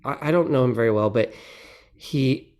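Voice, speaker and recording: A man's voice: medium pitch, normal speed, a little mellow. A middle-aged man chatting as a guest in a podcast interview, meandering and self-deprecating. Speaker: guest actor. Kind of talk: casual interview chat.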